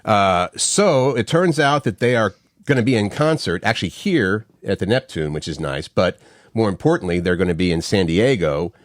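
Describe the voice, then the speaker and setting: A man's voice: fairly low pitch, lively intonation, moderate pace, no echo, studio quality. A middle-aged man co-hosting a morning show, telling stories in a rambling way with many restarts. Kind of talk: casual morning-show chat.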